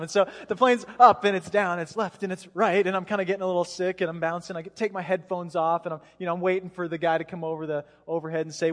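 A man's voice: high-pitched, fast, a bit bright. A man in his thirties preaching a sermon in a church, casual and chatty, acting out voices as he tells a story. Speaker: pastor. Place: church hall. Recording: reverberant church hall.

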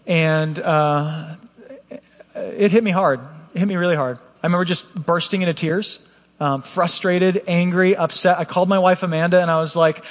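A man's voice: a little high, fairly even intonation, normal speed, a bit bright, long reverb tail. A man preaching a candid, earnest personal testimony, often restarting his sentences. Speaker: pastor.

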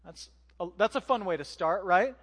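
A man's voice: high voice, lively intonation, normal speed, fairly bright tone. Male preacher, conversational sermon, rhetorical questions, reverberant church hall. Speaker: pastor.

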